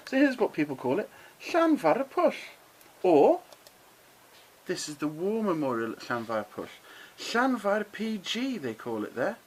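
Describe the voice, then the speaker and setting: A middle-aged man hosting a casual lesson, chatty and encouraging, who slows right down to sound out words with care. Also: fairly high pitch, darkish tone, a little hiss or hum, low-quality recording. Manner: chatty, encouraging, drawn-out careful pronunciations. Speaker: model railway channel host. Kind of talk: casual explainer to camera.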